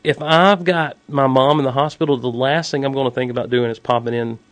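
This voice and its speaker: A man's voice: medium pitch, fairly even intonation, brisk, a bit bright, no echo. A man co-hosting a casual podcast, making wry jokes and reading a listener email sincerely. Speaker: podcast co-host.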